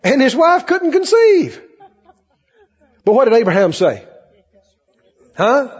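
A man's voice: extremely high pitch, very animated, slow pace, breathy edge, big-room sound, muffled recording. A male pastor preaching a sermon in a church, acting out the voices of Bible figures as he goes.

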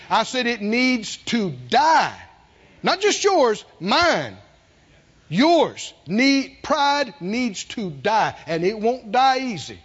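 A man preaching a sermon, calling on the congregation to answer, dropping to near whispers and rising to loud peaks. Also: high-pitched, very animated, slow, slightly rough, highs cut off, some chatter behind. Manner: call-and-response preaching, swinging from hushed to loud. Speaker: pastor.

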